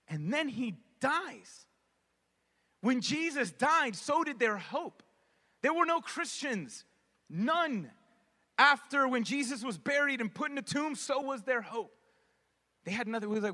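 Male pastor, high bright voice, conversational preaching, long reverb of a hall. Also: lively intonation, moderate pace. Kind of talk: sermon.

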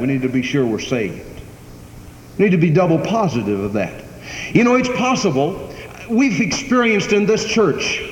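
A man preaching a sermon as pastor, emphatic, swelling and dropping his volume for effect. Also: high-pitched. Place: church sanctuary. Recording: echoey church hall, faint background noise.

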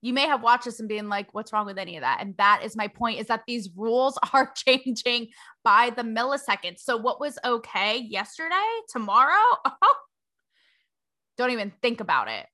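A young woman reporter hosting her own show, talking to camera in a sarcastic, animated way and laughing between points. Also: on the high side, moderate pace. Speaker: reporter and host. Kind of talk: opinionated talk to camera.

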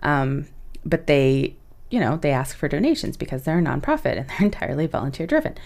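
Chatty low-voiced woman podcaster. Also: a little fast, vocal fry. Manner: chatty, swears freely, laughs often, animated asides. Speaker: podcast co-host. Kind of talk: casual podcast chat.

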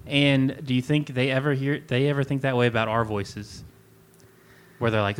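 Male podcast co-host, smooth resonant voice, laid-back conversational read. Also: medium pitch, steady tone, normal speed. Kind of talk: casual music chat.

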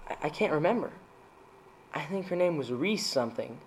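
A man casually reading dad jokes aloud as a streamer, laughing at his own punchlines and jumping into higher voices for them. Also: lively intonation, brisk.

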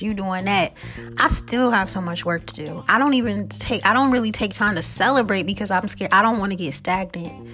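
A woman's voice: mid-range voice, fairly bright tone. A woman hosting a podcast in a casual, reflective monologue, chatty and conversational, often laughing and repeating phrases. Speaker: podcast host.

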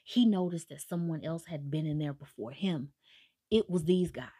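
A woman with a low, husky voice recaps a story in a relaxed, chatty way. She gets animated and acts out the characters' lines as she tells it. The sound is dry and close, with no room in it. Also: moderate pace, no echo. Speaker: book recap vlogger.

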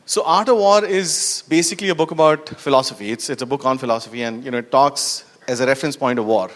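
A man's voice: mid-range voice, fast, a bit bright. Man speaking in a reverberant hall. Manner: conversational, asks the audience questions, frequent "you know" and "right". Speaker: conference speaker. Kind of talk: storytelling talk to an audience.

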